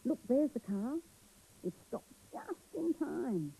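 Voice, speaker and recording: A woman presenting a children's show, telling a story gently and expressively and asking the children questions. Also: sits high, big pitch swings, takes it slowly, gravelly, slight background noise, rough recording.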